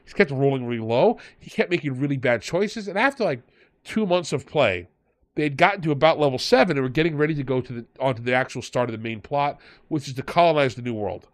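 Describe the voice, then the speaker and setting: Male podcast host, storyteller, animated delivery. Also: mid-range voice, fast. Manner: animated, retells players in quoted voices. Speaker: podcast host and game master. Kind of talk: storytelling in casual chat.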